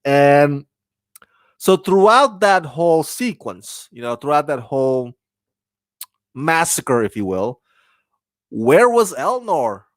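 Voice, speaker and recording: A male reviewer talks through an episode in a loose, animated ramble. His voice sits a little high. The sound is dry, with no room echo. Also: takes it slowly, long pauses, clear, resonant tone. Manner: rambling and animated, with many restarts and bursts of laughter. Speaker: TV reviewer, channel host. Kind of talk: casual spoken episode review.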